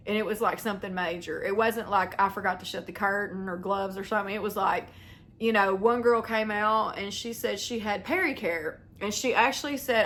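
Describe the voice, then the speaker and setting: A woman's voice: mid-range voice, fairly even intonation, a little fast, a bit bright. A young woman, telling a long story to her viewers in a chatty, rambling way and acting out the voices of the people in it. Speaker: vlogger. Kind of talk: casual storytelling to camera.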